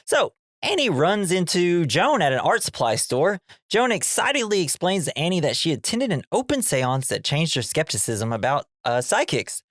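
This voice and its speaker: A man's voice: fairly high pitch, moderate pace, few pauses, dry recording, clean studio sound. A man co-hosting a movie podcast, recapping scenes in casual chat and acting out the characters' lines. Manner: animated, acts out character lines. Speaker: podcast co-host.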